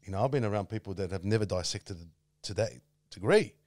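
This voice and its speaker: A man's voice: lowish voice, expressive, fast, a little mellow, no room sound, clean studio sound. A man telling a personal story in casual conversation, rambling with frequent fillers and restarts.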